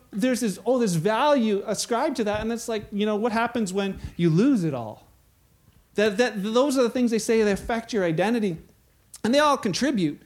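A man preaching a sermon in a conversational way, acting out the voices he quotes. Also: high-pitched.

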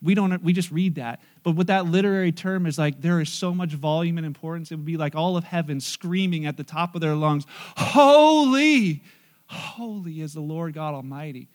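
A man preaching a sermon in church, animated and joking, acting out scenes. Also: a little high, fairly quick, hardly any pauses. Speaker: pastor.

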